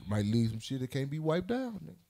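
A man telling a story on a casual podcast, loud and animated, with plenty of cursing. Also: medium pitch, fast, vocal fry, slight background noise. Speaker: podcast host.

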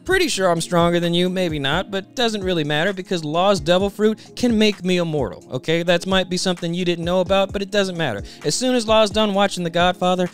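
A man voicing a smug, scheming male crime boss who talks in a low, dismissive tone. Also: brisk, hardly any pauses, soft background music, close to an everyday voice.

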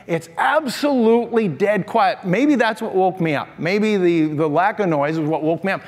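An older male pastor with a high voice tells stories to his congregation in a lively, animated sermon. He keeps asking the room questions. His voice rings with the long reverb of a large church hall. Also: moderate pace.

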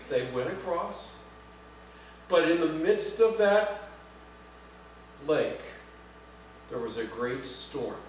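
A man preaching a sermon as pastor, talking conversationally, asking the congregation questions and making light jokes. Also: high-pitched. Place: church sanctuary. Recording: echoey church from far off, faint hum.

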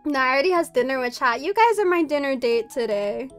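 A young woman with a high voice chats casually on her stream, spilling a story full of fillers and quick laughs. Faint music plays behind her. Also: animated. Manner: chatty storytelling, many fillers, frequent laughing. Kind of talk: casual chat.

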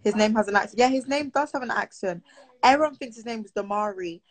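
A woman's voice: fairly high pitch, fast, low-quality recording. A teenage girl from Britain, chatting casually on a live stream and answering viewer comments aloud.

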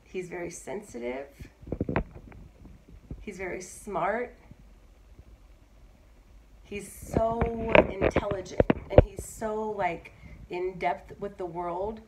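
A mother in her thirties vlogs in a mid-range voice made hoarse by bronchitis, speaking slowly with long pauses against heavy background noise. Her casual monologue is chatty and emphatic, and she repeats herself.

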